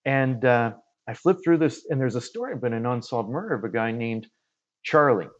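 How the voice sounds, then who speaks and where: A man from Canada, a guest medium, telling a story in casual conversation and acting out the dialogue with lively quoted voices. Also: medium pitch, a little fast, lo-fi sound. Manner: animated storyteller who acts out quoted dialogue.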